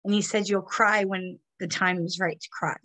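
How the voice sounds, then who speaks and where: A woman hosting a community program on a video call, giving an emotional, halting introduction with many restarts while tearful. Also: mid-range voice, steady tone, sharp tone. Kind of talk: heartfelt spoken introduction.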